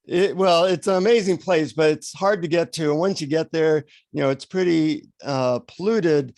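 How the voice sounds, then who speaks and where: A man telling an animated anecdote as a guest on an interview show. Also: a little high, normal speed, no room sound. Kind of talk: storytelling in an interview. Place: radio show recording.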